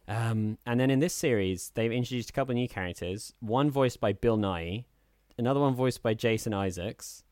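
A man's voice: mid-range voice, fairly quick, no room sound, studio quality. A man co-hosting a podcast, chatting casually and rambling with many fillers. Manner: rambling, with many fillers, dips into a soft, smooth put-on voice. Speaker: podcast co-host. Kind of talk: casual chat.

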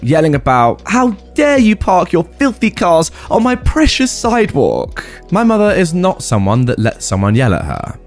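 A man narrating a story and chipping in with animated, chatty commentary. His pitch moves around a lot and sits mid-range. Soft music runs faintly behind him.

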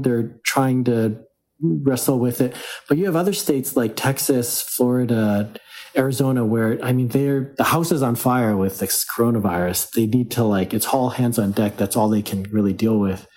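A man's voice: mid-range voice, moderate pace, darkish tone, low-quality recording. Hesitant male reporter, lots of fillers. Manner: hesitant, heavy on fillers and restarts. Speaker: reporter interviewed as a guest. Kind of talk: interview answers.

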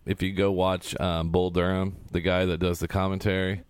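Low smooth-voiced man telling stories. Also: level tone, moderate pace, no room sound. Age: 30s. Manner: rambling storyteller who acts out quotes. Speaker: podcast guest. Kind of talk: casual chat.

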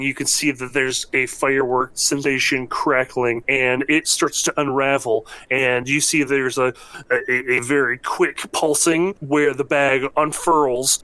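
A man's voice: mid-range voice, bright, forceful tone, no room sound, low-quality recording. Man narrating as game master. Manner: descriptive, measured narration.

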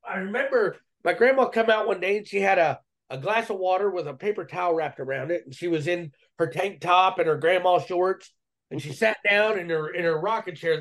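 A man speaks as a podcast guest in a casual, earnest storytelling manner. His voice is a little higher than most men's, and he talks in a slangy way with frequent restarts. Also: moderate pace.

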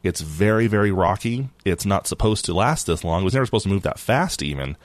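A man co-hosting a casual tech news podcast, jokey and animated, often laughing. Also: low-pitched, fast, dry recording. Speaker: podcast co-host.

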